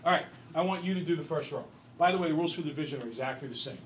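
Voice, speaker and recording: A man teaches a classroom math lesson in a chatty, lively way, trading quick questions with his students. His voice sits a bit high for a man, with a faint hum of ambient noise behind him. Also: poor audio. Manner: lively, chatty storyteller who quizzes the class. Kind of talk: classroom lecture with storytelling.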